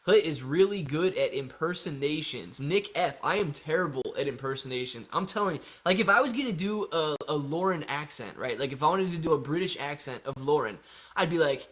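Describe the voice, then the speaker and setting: A man's voice: fairly high pitch, expressive, fairly quick, a bit bright. A man hosting a live stream, chatting casually with viewers, reading out their questions and explaining his answers in a laid-back way.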